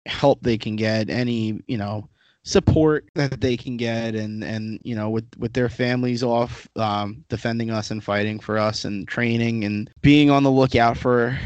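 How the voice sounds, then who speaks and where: A man's voice: fairly low pitch, no room sound. A man hosting a podcast, chatting casually in a joking, teasing way with some swearing, close to a studio microphone. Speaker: podcast host.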